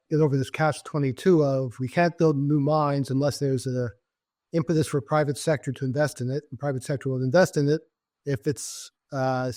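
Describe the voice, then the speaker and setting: A man co-hosting an interview podcast, working through a question out loud in a plain, conversational voice. The recording is dry and close. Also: medium pitch, dry recording. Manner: thinking aloud, conversational. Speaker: podcast co-host.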